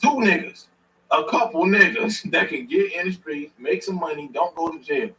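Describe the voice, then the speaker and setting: A man's voice: a little high, expressive, normal speed, pushed and bright, distant mic, rough recording. A man hosting a stream, giving blunt, slangy reaction commentary and repeating himself for emphasis. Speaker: stream host reacting to a clip.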